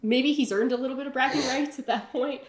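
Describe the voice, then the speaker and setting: Woman podcast co-host, relaxed and musing, recorded in a reverberant house room. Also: high-pitched, quick pace, slight background noise. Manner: thinking aloud, many fillers, laughing. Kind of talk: casual chat. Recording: roomy echo.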